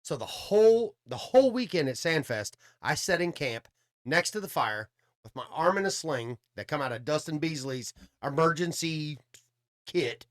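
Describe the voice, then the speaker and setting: A man's voice: on the high side, moderate pace. Man telling a rowdy story. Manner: swearing, animated storytelling with quoted dialogue. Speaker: podcast guest storyteller. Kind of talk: casual storytelling chat.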